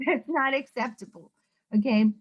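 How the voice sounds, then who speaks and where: A woman psychologist from the United States giving an informal talk to students, conversational and animated, often acting out other people's voices. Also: a little high, normal speed, lo-fi sound.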